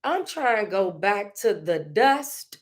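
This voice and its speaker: In this podcast, a woman with a mid-range, very animated voice talks through a relaxed, reflective monologue. Her pace is slow and chatty; she's emotional, laughs frequently, and tends to say things more than once.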